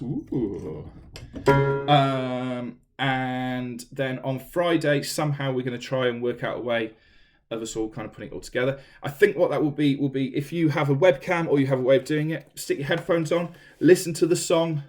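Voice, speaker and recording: A man from England teaching an online singing lesson, chatty and self-deprecating, filmed on a camera set up in a room at home. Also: medium pitch. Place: room at home during lockdown. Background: piano playing.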